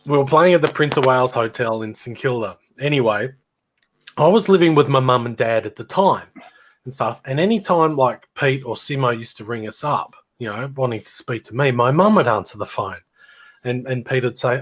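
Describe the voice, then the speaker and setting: A man's voice: medium pitch, normal speed. A middle-aged Australian man telling rambling stories about his old band in casual chat, laughing and imitating people as he goes.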